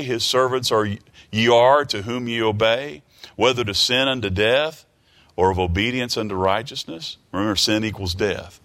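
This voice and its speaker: Earnest male preacher, halting repeats. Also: medium pitch, sharp tone. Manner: earnest, repeats words when searching, reads scripture aloud. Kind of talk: sermon.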